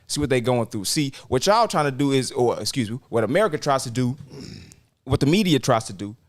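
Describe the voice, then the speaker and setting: A man's voice: mid-range voice, animated, fairly quick. A man co-hosting a casual discussion, speaking with passionate, preacher-like emphasis. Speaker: podcast co-host.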